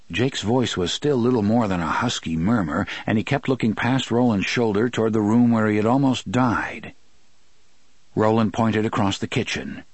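A man reading an audiobook in a steady, measured narration. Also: fairly low pitch, breathy edge, dry recording. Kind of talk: scripted narration.

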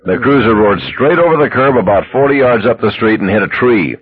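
A man narrating an audiobook in a steady, measured storytelling manner, on a dull lo-fi recording. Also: medium pitch, breathy edge.

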